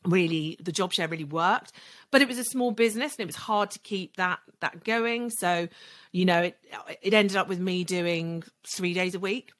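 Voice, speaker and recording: A woman in her forties, a podcast guest telling her own story candidly, her voice dropping soft when she recalls hard moments. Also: on the low side, moderate pace. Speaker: podcast guest, legal marketer.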